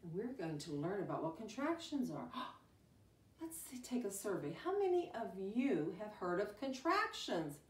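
A middle-aged woman teacher reading a picture book to young children, animated and exclaiming. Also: medium pitch. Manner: animated, gasping and exclaiming, speaks slowly and sing-song to young children. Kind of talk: storytime read-aloud lesson. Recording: roomy, from a distance.

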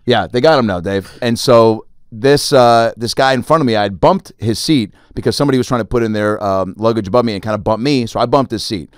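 A man hosting a podcast, telling a story in a casual, animated way and acting out the people in it. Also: mid-range voice, fairly quick, few pauses, clean tone, no room sound, studio quality. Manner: animated, acts out other people in his stories. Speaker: podcast host.

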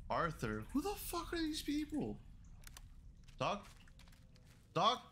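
A man's voice: extremely high pitch, huge pitch swings, slow, pushed and bright, husky. A young man streaming a horror game live, reacting with panicky, swearing exclamations. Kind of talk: live horror gameplay commentary.

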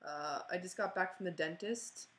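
A woman's voice: lowish voice, moderate pace, a bit bright, poor audio. A woman rambling through an awkward, self-mocking apology video at home, recorded on her computer. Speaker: vlogger. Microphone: computer mic.

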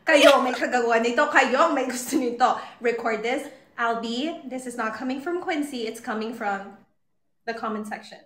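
A woman's voice: fairly high pitch, normal speed, fairly bright tone, a little hiss or hum. A Filipino-accented woman hosting a live stream, teasing her guest playfully and switching between Tagalog and English. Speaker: host. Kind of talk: casual live-stream chat. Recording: echoey room.

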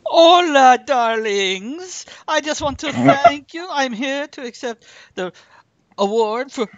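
A man's voice: medium pitch, very animated, moderate pace, vocal fry, pushed and bright, highs cut off, a little hiss or hum, full character voice. A man improvising a flamboyant, vain actor with a put-on Spanish-style accent, giving a rambling acceptance speech and calling everyone darling. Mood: grandiose.

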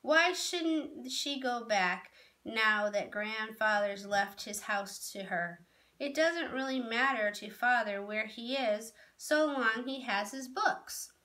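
Storybook young girl, read by a woman: earnest, hopeful, a touch pouty; bright, high and slow. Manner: earnest, protesting.

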